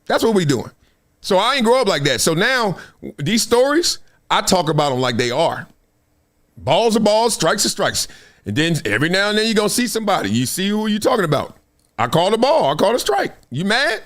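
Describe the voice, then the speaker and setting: Lively, high-pitched man hosting a live stream. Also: a little fast. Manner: animated storytelling, acts out quotes, laughs often, swears. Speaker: host. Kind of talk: animated casual live-stream talk.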